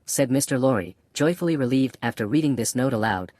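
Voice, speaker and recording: A man reading a classic novel aloud as an audiobook narrator, in a steady, even manner. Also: mid-range voice, fairly quick, hardly any pauses, no echo, clean studio sound. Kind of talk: scripted narration.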